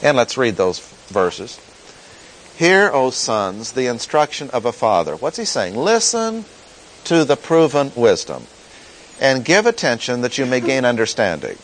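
A man teaching through a Bible passage in a sermon, deliberate and emphatic, repeating key phrases. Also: medium pitch, sing-song, rough recording. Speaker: pastor teaching.

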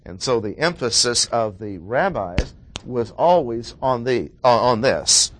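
A man's voice: mid-range voice, lively intonation, a little slow, a little hiss or hum. A man preaching a sermon, explaining a Bible passage with emphatic repetition of key words.

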